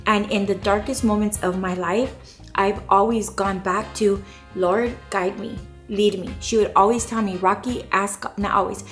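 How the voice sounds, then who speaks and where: A woman's voice: mid-range voice, steady tone, moderate pace, soft background music. A woman in her thirties giving an earnest, faith-filled motivational vlog talk and repeating her catchphrase. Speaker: vlogger.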